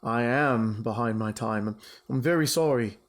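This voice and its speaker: A man's voice: medium pitch, a little slow, pitched below the performer's own voice, lightly acted. A man voicing a meek, apologetic male clerk who pleads. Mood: pleading.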